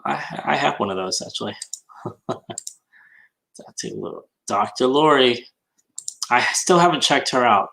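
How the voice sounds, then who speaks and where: A man's voice: mid-range voice, expressive, slow, gravelly, long pauses, bright, forceful tone, poor audio. A man on a casual livestream hangout, chatting and reading comments while he works, often muttering to himself.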